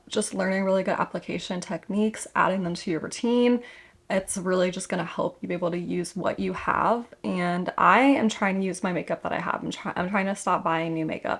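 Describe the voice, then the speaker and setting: Young female beauty vlogger, casual tutorial chat, gravelly fry, mid-pitched. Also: fairly quick. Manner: chatty, rambling, self-correcting. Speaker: makeup vlogger.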